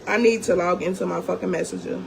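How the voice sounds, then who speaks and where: A woman's voice: lowish voice, fairly even intonation, quick pace, vocal fry, slight background noise. A young woman in an angry storytime rant, profane and confrontational, talking straight to her viewers. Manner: calls viewers "gang", talks straight to them. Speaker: vlogger.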